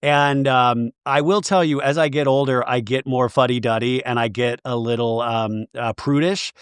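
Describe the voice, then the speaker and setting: A man chatting casually as a guest on a podcast, animated and rambling, laughing often as he talks. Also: medium pitch, normal speed, clean tone, dry recording.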